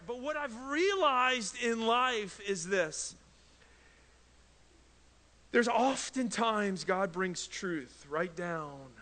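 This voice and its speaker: A man's voice: sits high, sharp tone, in a large hall. A man in his thirties preaching a sermon in a church, telling stories in a conversational way and acting out his young son and himself. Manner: conversational storytelling, mimics his toddler and himself. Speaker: pastor. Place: church sanctuary.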